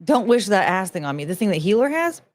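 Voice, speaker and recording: A woman in her forties chatting casually on a livestream, rambling and excitable, swearing freely, with sudden loud outbursts. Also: mid-range voice, quick pace, slight background noise. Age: 40s. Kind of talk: casual livestream chat reading viewer messages.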